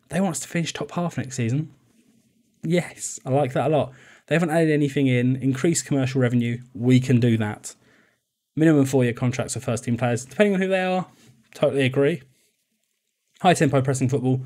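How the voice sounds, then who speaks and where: A young man with a mellow, medium-pitched voice chats and jokes his way through a football management game, laughing often. He's a video game YouTuber doing casual gameplay commentary.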